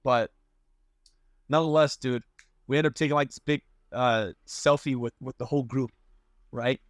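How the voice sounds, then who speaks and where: A young man telling a story in casual chat as a podcast guest, animated, with lots of fillers and slang. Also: mid-range voice, moderate pace, no room sound, studio quality.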